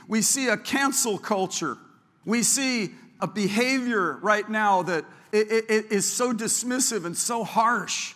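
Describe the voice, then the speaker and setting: A man's voice: sits high, measured pace. A male pastor preaching a sermon, telling stories and acting out the people he quotes. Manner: storytelling, acts out quoted people, grows louder and more fervent. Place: church sanctuary. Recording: long hall reverb.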